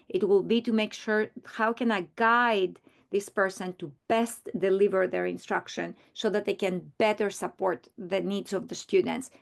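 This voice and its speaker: A woman's voice: medium pitch, creaky. A woman training teachers in a recorded presentation, explaining earnestly and often restarting her sentences.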